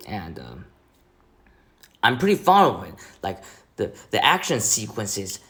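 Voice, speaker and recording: A man's voice: lowish voice, a bit bright. A man chatting casually as a streamer host, rambling and hesitant as he restarts his words. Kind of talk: casual chat.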